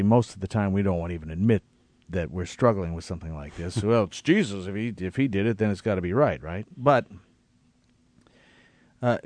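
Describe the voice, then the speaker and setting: A man's voice: fairly low pitch, darkish tone, dry recording. A man reading scripture aloud and reflecting on it in a conversational Bible study. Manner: reads scripture aloud, then reflects thoughtfully.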